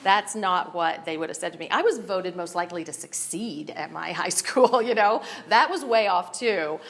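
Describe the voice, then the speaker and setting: A woman's voice: fairly low pitch, expressive, normal speed, creaky. Nervous, laughing woman sharing her story. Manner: nervous, laughs often, candid and emotional. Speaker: speaker at a recovery meeting. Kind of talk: personal recovery share.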